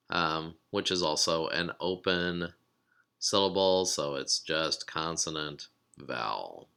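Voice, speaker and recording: A man giving a recorded lesson, explaining steps calmly and sounding out words slowly. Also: a bass voice, gravelly, clear, resonant tone. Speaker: teacher.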